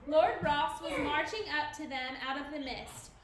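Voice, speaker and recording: A woman reads a storybook aloud to children, clear and expressive. Her voice sits high, the classroom sounds roomy, and a faint hiss runs underneath. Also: measured pace.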